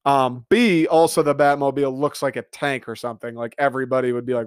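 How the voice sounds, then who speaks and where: A man delivering an excitable, profane comedic rant monologue, riffing with mock quotes. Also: medium pitch, quick pace, clean tone, no room sound, studio quality. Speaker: comedic commentator.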